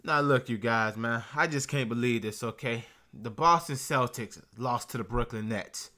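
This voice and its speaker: A man's voice: mid-range voice, normal speed, pushed and bright. A young man hosting a reaction vlog, ranting in brash slang and peppering every line with bro and man. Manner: brash slangy trash talk, keeps saying bro and man. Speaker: YouTube reaction host. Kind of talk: casual reaction vlog rant.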